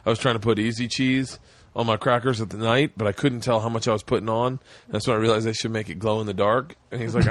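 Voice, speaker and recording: A man's voice: lowish voice, fast, no room sound. A man in his forties hosting a comedy podcast, telling stories in casual talk, swearing often and acting out quotes. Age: 40s. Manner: animated storyteller, swears a lot, acts out quotes. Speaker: podcast host.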